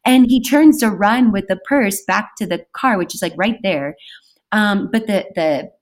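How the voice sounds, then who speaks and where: A woman guest telling a story in a casual, animated way, with sudden shouted bursts. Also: medium pitch, unhurried. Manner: animated, breaks into loud shouted outbursts. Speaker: podcast guest.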